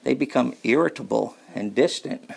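A man's voice: medium pitch, moderate pace, vocal fry, a little mellow, slightly rough. A man preaching a sermon on marriage in a folksy, joking manner.

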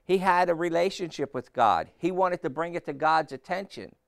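Man preaching, gravelly yet smooth voice, dry close sound, asks the crowd questions, reads scripture. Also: a little high, lively intonation, normal speed, dry recording. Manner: call-and-response questions to the congregation, reading scripture aloud. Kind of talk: sermon.

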